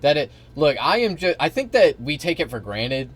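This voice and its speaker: A man's voice: on the high side, big pitch swings, moderate pace. Rambling, profane young male streamer. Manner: casual, rambling, profane, many fillers. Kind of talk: live stream reaction commentary.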